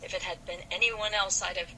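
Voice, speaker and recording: A woman's voice: lowish voice, fairly even intonation, a little fast, background noise, natural voice. A woman reading the indignant lines of a proud, sulky young man from an old novel. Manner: indignant, defensive. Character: male youth, proud and sulky.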